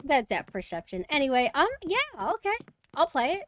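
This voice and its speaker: Bright, lively young woman streamer. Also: high voice, normal speed, slight background noise. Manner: chatty, excitable, cheering her dog on. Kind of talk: casual gameplay commentary.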